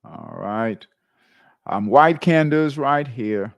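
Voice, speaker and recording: Slow gravelly male trading host. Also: mid-range voice, animated, no room sound. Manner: repeats tags like "right?" and "okay?" while pointing at charts. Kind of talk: live chart walkthrough.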